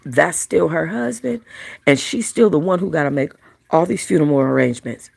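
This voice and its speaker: A woman's voice: sits low, lively intonation, moderate pace, vocal fry, husky. A woman hosting a celebrity commentary show, talking in a chatty, rambling way with frequent restarts. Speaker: commentary channel host.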